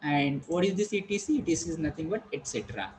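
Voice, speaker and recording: A man's voice: fairly high pitch, animated, quick pace, over a noisy crowd, low-quality recording. A man teaching a pronunciation lesson, drilling words and asking the class rhetorical questions.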